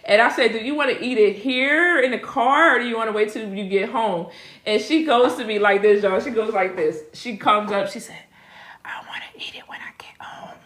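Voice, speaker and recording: A woman's voice: on the high side, a little fast, fairly bright tone. Chatty, laughing middle-aged woman in an echoey room. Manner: chatty and laughing, talks straight to viewers. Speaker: spiritual reader and host. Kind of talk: casual live Q&A chat.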